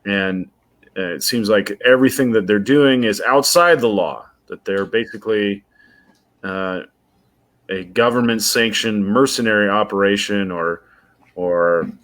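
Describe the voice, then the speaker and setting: A man with a lowish voice co-hosting a casual movie podcast. He cracks dry, deadpan jokes and works through his points haltingly, with many pauses. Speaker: podcast co-host. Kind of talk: casual chat.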